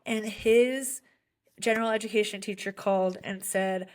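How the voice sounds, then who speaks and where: A woman's voice: mid-range voice, fairly even intonation, moderate pace. A young adult woman, a special education teacher, telling heartfelt stories in an earnest podcast conversation. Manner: earnest, heartfelt storytelling with frequent fillers.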